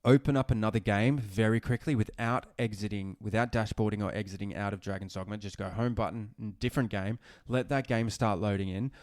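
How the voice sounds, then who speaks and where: A man co-hosting a casual gaming podcast, animated and ranting, swearing and restarting sentences. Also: on the low side, fairly quick, hardly any pauses, no room sound, studio quality. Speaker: podcast co-host.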